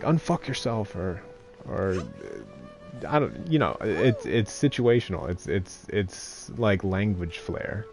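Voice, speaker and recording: A man's voice: lowish voice, darkish tone. A man in his thirties chatting casually on a game stream, rambling with many fillers and restarts, swearing freely and chuckling often. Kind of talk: casual live-stream chat.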